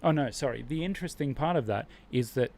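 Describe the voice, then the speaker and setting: A man's voice: mid-range voice, animated, fast, a little mellow. A man hosting a live stream, talking casually and with strong opinions, rambling and restarting his sentences often.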